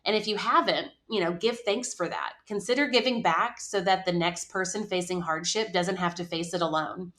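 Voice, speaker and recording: A woman with a somewhat low voice answers interview questions earnestly. She sounds reflective and measured, pausing now and then to choose her words. She speaks as a podcast guest who leads a charity program. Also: a bit bright. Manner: earnest and reflective, with thoughtful pauses.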